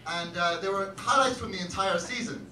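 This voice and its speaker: A man performing a stand-up comedy set on a club stage, wry and self-deprecating, with loud shouted bits. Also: sits high, normal speed, far from the mic, slight background noise. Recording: echoey club recording, crowd laughter.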